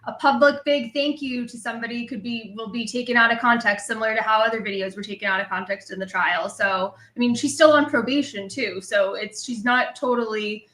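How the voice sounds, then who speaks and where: A woman's voice: a little high, fairly even intonation, a little fast, hardly any pauses, a bit bright, echoey room, rough recording. A woman as a livestream guest, talking earnestly in long hedged run-ons. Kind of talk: casual livestream chat. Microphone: online video call.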